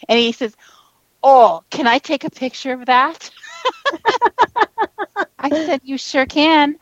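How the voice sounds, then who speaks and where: A woman co-host rambles through a story in a chatty voice and laughs now and then. Her voice is of middle pitch. It sounds dry and slightly muffled, with no room around it. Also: a bit bright, dry recording. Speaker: podcast co-host. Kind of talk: casual storytelling chat.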